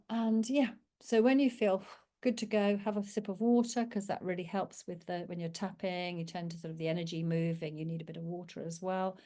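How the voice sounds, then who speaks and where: A woman, working as a parenting coach, gently and reassuringly explains a calming technique. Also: fairly low pitch. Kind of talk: talking-head teaching video.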